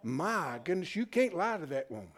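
A man teaches scripture to a small class in a loose, interactive sermon. His voice sits high and rides wide swings in pitch as he jokes, quizzes his listeners and builds his points in a folksy way. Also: moderate pace. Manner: animated, folksy, questions the class. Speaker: Bible study teacher.

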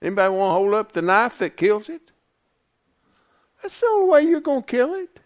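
High, lively preacher man. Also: brisk. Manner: emphatic, asks the congregation questions. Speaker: pastor. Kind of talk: sermon.

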